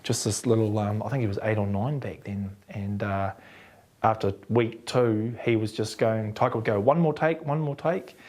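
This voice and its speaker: Speaking at normal speed in a lowish voice, a New Zealand-accented actor shares stories during an interview. He's lively, voicing the quotes of others as he goes.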